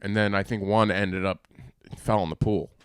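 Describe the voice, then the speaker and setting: A man's voice: on the low side, fairly even intonation, moderate pace, smooth, dry recording, studio quality. A man chatting offhand and joking as a podcast co-host. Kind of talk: casual chat.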